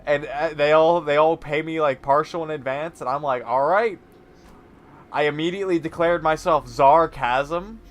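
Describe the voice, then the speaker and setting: A man's voice: fairly high pitch, normal speed, few pauses. A man co-hosting a gaming show, casually telling a long story and often laughing mid-sentence. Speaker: co-host playing a video game.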